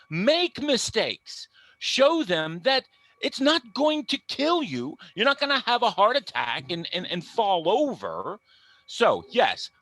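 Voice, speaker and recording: A Midwestern American man speaks as an English teacher on a panel, emphatic and playful in his opinions. His voice sits high and swings widely up and down. It has a bright, forceful edge. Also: dry recording, rough recording. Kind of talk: panel discussion talk.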